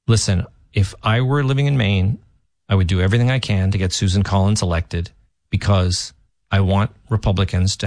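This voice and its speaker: A man's voice: low-pitched, darkish tone, no echo, clean studio sound. A man filling in as a talk radio host, giving opinionated political commentary with emphatic, restarting delivery.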